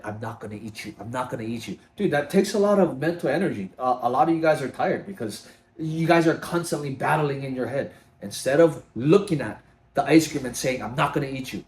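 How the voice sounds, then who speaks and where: A man's voice: fairly high pitch, a little mellow, echoey room. A man vlogging to camera in a casual, free-flowing motivational talk, emphatic and calling his viewers dude. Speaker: fitness vlogger.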